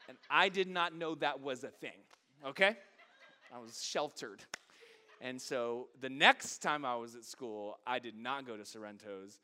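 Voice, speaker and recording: A man's voice: medium pitch, a little slow, sharp tone. A middle-aged man pastor, delivering a sermon that moves from funny storytelling to fervent preaching.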